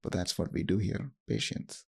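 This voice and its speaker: A man hosting a podcast, guiding listeners through a self-compassion practice in a slow, gentle, instructive way with pauses. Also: fairly low pitch, creaky. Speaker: podcast host.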